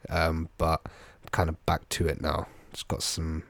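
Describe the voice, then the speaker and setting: A man co-hosting a podcast in relaxed, jokey chat, audibly stuffy and congested from a cold. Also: very deep voice, unhurried, no room sound. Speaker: podcast co-host. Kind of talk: casual chat.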